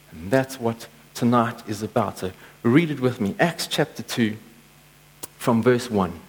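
A man preaching a sermon, telling stories and acting out quotes with lively energy. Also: a little high, poor audio. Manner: storytelling, animated with acted-out quotes. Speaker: pastor.

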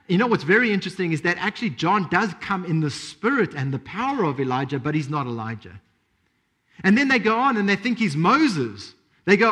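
A man's voice: sits high, sing-song, fairly quick, sharp tone, husky. A man preaching a sermon, emphatic, repeating key phrases and asking rhetorical questions.

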